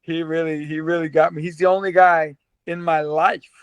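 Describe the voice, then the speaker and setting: Lively, high-voiced man telling boxing stories. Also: normal speed, clear, resonant tone, no room sound. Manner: animated storyteller, laughs often, repeats words. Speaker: guest, former pro boxer. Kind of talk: casual storytelling interview.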